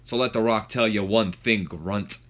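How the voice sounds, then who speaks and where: A man's voice: on the low side, normal speed, a bit bright, lightly acted. A man putting on a cocky male wrestler who mocks his rival and talks about himself in the third person. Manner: boastful, mocking, refers to himself in third person. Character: cocky trash-talking male wrestler, brash showman.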